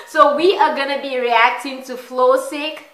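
A woman chatting excitedly to camera at home, gushing and saying "like" a lot. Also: sits high, measured pace. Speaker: reaction vlogger. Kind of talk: casual chat to camera. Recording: echoey room.

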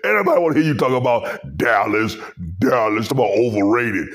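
Animated man ranting for laughs. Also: mid-range voice, fairly quick. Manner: animated, mocking, laughing between lines. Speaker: commentary host. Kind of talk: comedic sports commentary rant.

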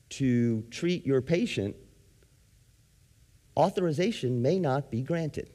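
A man's voice: medium pitch, a little mellow. A man, a psychologist, giving a presentation to an audience, explaining ideas with everyday examples and asking the audience questions. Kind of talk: lecture to an audience. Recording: long hall reverb.

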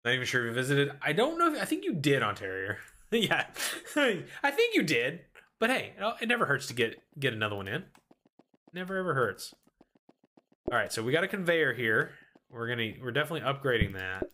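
A man's voice: mid-range voice, huge pitch swings, fairly quick, bright, forceful tone. A man streaming a cooking game solo, giving playful running commentary to his chat and talking himself through the chaos. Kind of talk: live gameplay commentary to chat.

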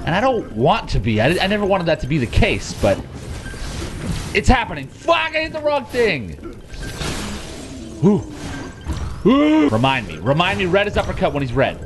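A man giving let's play commentary while gaming, excitable and swearing, with sudden yelps and shouts. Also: a little high, fairly quick, music in the background. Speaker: gamer.

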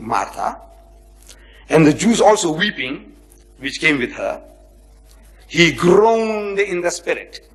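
In poor audio, a man with a highish voice delivers a religious lecture, reading out verses and unpacking them with dramatic emphasis. He asks rhetorical questions, acts out quoted speech, and alternates between loud stresses and near-whispered asides.

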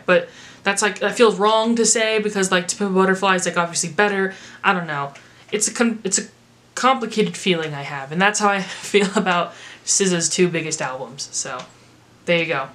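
An American woman in a rambling, chatty vlog voice, pitched a touch low for a woman. She reviews music casually and leans on filler words. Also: fairly quick, fairly bright tone.

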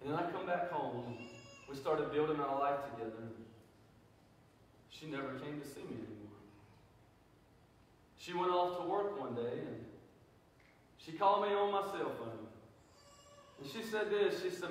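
A man preaching a sermon as pastor, moving from quiet reflection to loud, fervent declarations. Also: a little high, lively intonation, normal speed, pauses often. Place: large church sanctuary. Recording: echoey hall, mic from a distance.

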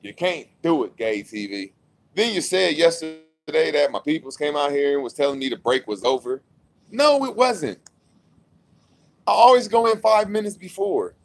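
Gravelly, high-pitched man ranting heatedly. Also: lively intonation, moderate pace. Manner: heated, repetitive, mocking, swings from loud to low. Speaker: vlogger. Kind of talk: confrontational rant to camera.

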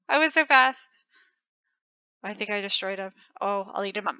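A woman hosting a channel, giving excited commentary as she plays a game, gushing and squealing at close calls. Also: medium pitch, moderate pace, long pauses, clean tone, no room sound, dull audio. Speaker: channel host.

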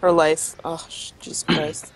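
A woman's voice: deep voice, flat delivery, unhurried, a crowd in the background. A woman on voice chat, ranting about someone online in an indignant, exaggerated way. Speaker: friend on voice chat. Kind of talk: casual gaming chat.

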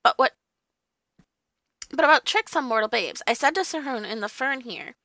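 A woman's voice: high voice, animated, normal speed, pushed and bright, no echo. A woman voicing Puck, a sly, ancient male hill sprite who tells tales in a twinkling, knowing way, in an audiobook reading.

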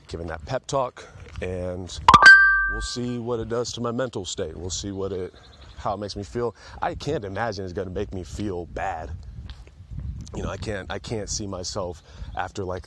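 A man's voice: on the low side, slight background noise. A young man hosting a solo comedy podcast, rambling and cursing with self-mocking humor. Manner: rambling, profane, self-mocking comic delivery.

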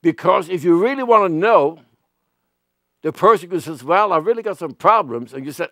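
A man's voice: sits high, animated, normal speed, pushed and bright, no echo, studio quality. A man preaching a sermon as pastor, acting out everyday exchanges in raised voices. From Europe.

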